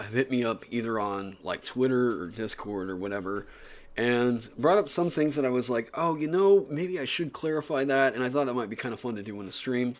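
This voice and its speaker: Male streamer, mid-pitched, chatty and rambling, home setup. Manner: rambling, filler-heavy, upbeat and chatty. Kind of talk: casual livestream chat.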